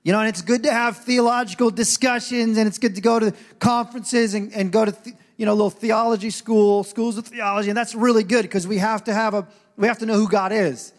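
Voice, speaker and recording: Male pastor, high voice, casual sermon with humor, big church reverb. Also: steady tone, fairly quick, few pauses. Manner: casual, joking, acts out quoted voices. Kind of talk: conversational sermon. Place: church sanctuary. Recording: long hall reverb.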